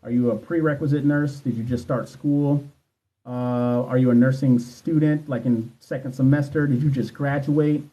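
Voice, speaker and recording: A man's voice: mid-range voice, fairly even intonation, moderate pace, warm tone, highs cut off. A man in his thirties, a nursing exam coach, chatting casually and profanely on a livestream while answering viewer questions. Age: 30s. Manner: candid, profane, talks straight to viewers. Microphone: phone livestream.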